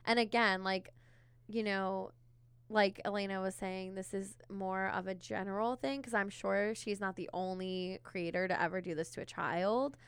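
Smooth, gravelly-edged woman podcaster. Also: medium pitch, fairly even intonation, moderate pace, no room sound. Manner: conversational, many filler words. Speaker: therapist and podcast co-host. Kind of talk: casual podcast chat.

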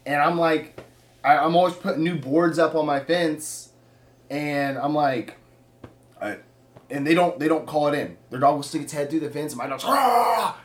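A man in casual chat, rambling as he talks things through, with quick laughs. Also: a little high, fairly even intonation.

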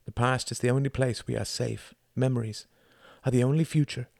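A man voicing a frail, grieving mother in an audiobook, speaking wistfully and slipping into a whispered high falsetto. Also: fairly even intonation, brisk, gravelly, a little mellow, no echo, clean studio sound. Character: frail grieving older mother, fragile and feverish.

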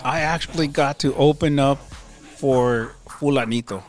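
A man's voice: mid-range voice, measured pace, soft background music. Laid-back slangy man from San Jose. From San Jose, California. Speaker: radio show co-host and DJ. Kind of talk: casual chat.

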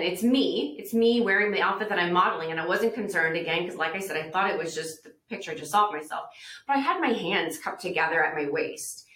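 A woman's voice: fairly low pitch, a bit bright. Earnest woman guest in a roomy space. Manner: earnest, reflective, acts out quoted voices. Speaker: podcast guest speaker. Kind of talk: personal testimony storytelling. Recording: roomy echo.

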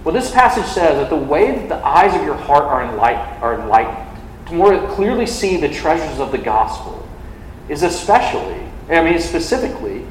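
A man's voice: a little high, big pitch swings, moderate pace, a little hiss or hum. A young man preaching a sermon to a campus ministry, conversational and full of "like" fillers. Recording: echoey hall from a distance.

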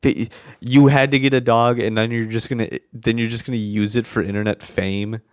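A man's voice: mid-range voice, little pitch movement, fairly quick, clear, resonant tone, no room sound, studio quality. A man co-hosting a podcast, ranting in casual chat in an exasperated way. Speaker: podcast co-host.

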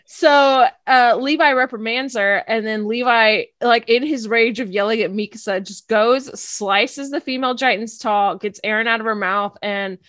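Young woman host, casual recap chat, animated and giggly, slightly high pitch, dry recording. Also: normal speed, few pauses, no echo. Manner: animated, laughs often, says "like" a lot. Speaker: podcast co-host recapping an anime.

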